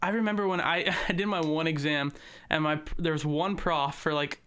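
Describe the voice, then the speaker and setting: A man's voice: a little high, steady tone, normal speed, sharp tone, clear, resonant tone. Laid-back young man rambling with fillers. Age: young adult. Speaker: podcast co-host. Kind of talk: casual chat.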